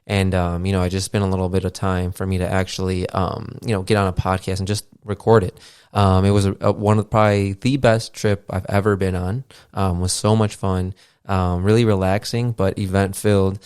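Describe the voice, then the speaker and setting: This man in his thirties hosts a podcast, chatting loosely in a rambling monologue with frequent fillers and casual cursing. His low-pitched voice is level, a little fast, darkish and smooth. It's recorded dry at studio quality on a podcast mixer setup.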